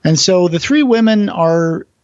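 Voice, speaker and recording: A man on a podcast, casually retelling a play's plot, acting out the quoted lines and pausing with fillers. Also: sits high, lively intonation, a little mellow, dry recording, muffled recording. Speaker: podcast co-host.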